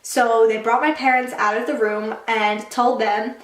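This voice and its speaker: A young woman YouTuber with a slightly high voice tells a storytime vlog in casual chat. She's quick and animated, acting out quotes and using lots of "like" fillers, recorded in a roomy, echoey room.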